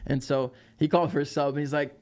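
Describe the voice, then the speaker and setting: A slightly higher-voiced man spins a tour anecdote as a podcast guest. He talks casually, laughs often and fills gaps with "like" and "um" as the story builds. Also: fast talker. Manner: lively, laughing storyteller with many fillers.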